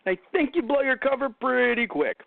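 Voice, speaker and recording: A very high-pitched, very animated man speaks at a normal pace with vocal fry as he hosts a casual movie review podcast from home, rambling and correcting himself with wry asides. There's no room sound, but the audio is a tinny phone-line call-in.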